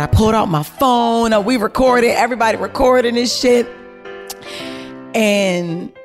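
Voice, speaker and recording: A woman hosting a podcast, telling a story in a casual, animated way, full of slang and swearing and talking straight to her listeners. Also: lowish voice. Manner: animated, slangy and profane, addressing listeners directly. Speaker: podcast host.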